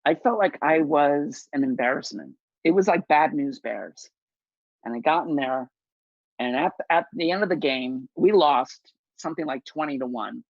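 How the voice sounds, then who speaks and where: A man telling a personal story at a story slam, animated and self-mocking, over a video call. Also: medium pitch, creaky, no room sound, highs cut off.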